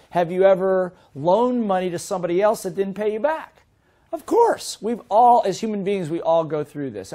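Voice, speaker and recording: A middle-aged man teaching a seminar as a business trainer, in a lively way that keeps asking the audience questions. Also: a little high. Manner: lively, asks the audience many rhetorical questions.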